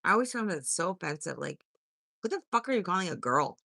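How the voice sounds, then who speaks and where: A sassy woman in her fifties who chats with live viewers in a blunt, cussing way. Her voice is bright and edgy, and her pitch swings a lot. The sound is close and dry. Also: big pitch swings, quick pace, gravelly, no room sound. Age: 50s. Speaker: livestream host. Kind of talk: casual live-stream chat, answering viewer comments.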